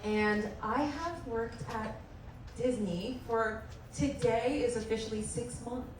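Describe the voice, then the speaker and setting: Slow, shy woman in a noisy echoey hall. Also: fairly high pitch. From Hampton Roads, Virginia. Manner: shy, giggly, soft-spoken. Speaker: guest performer, panelist. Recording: echoey hall from far off, loud noise.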